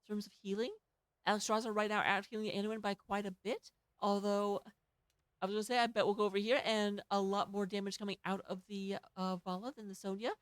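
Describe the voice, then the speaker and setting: Fast-talking Southern woman esports caster. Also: medium pitch, little pitch movement, smooth, no room sound. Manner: rapid, filling dead air with stats. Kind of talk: play-by-play esports commentary.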